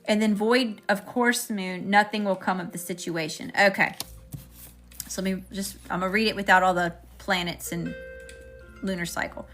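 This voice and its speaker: A woman's voice: mid-range voice, fairly even intonation, normal speed, fairly bright tone, faint music behind. A woman doing a live-stream tarot reading, chatting with viewers between cards. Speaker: tarot reader.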